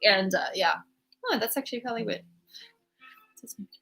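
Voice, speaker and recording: A woman hosting a casual livestream, talking at an ordinary mid pitch for a woman. She rambles and jokes, hopping from one thought to the next. Faint guitar music plays behind her. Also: moderate pace, vocal fry, sharp tone. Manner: rambling, joking, jumps between topics. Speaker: livestream host. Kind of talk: casual chat.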